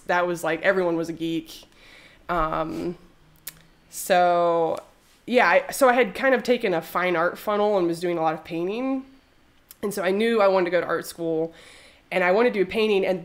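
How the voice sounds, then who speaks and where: A woman in her thirties, a textile artist, chatting casually in an interview and rambling with lots of fillers. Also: fairly low pitch.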